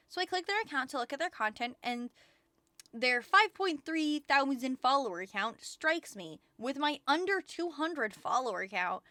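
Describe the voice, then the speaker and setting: A woman VTuber chatting casually on a livestream, rambling excitedly and swearing often. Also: sits high, normal speed, dry recording. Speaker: VTuber streamer.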